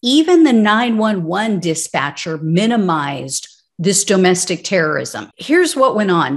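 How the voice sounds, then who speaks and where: A woman commenting on political news, reading out court records and breaking into sarcastic, indignant asides. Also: fairly low pitch.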